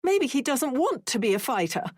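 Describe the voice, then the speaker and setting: A woman's voice: high-pitched, big pitch swings, normal speed, dry recording, studio quality, voice pushed up. A woman voicing a stern mother who questions coldly and sharply. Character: stern mother, cold and demanding.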